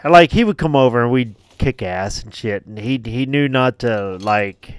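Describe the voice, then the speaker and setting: A gaming channel host tells a laid-back story with a mid-range voice and lively intonation, laughing often and swearing freely. He speaks at a normal speed, and his clean tone comes through on a dry recording.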